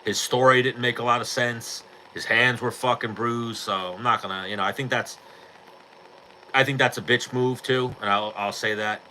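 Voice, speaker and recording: A man's voice: mid-range voice, fairly even intonation, moderate pace, bright, forceful tone, slight background noise, poor audio. A man hosting a podcast in casual chat, talking bluntly with lots of swearing and rambling asides. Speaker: podcast host.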